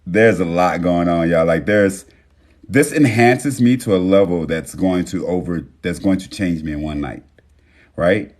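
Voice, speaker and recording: A man's voice: sits low, measured pace. A man hosting a casual livestream chat, talking loosely and with profanity to his viewers, calling them y'all and reading out their names. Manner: reads viewer names with warm affirmations. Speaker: livestream host.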